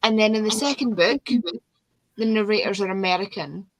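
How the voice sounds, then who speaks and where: A woman's voice: medium pitch, brisk, dry recording, poor audio. A woman hosting a casual chat with friends, rambling and ranting animatedly about audiobooks. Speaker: host.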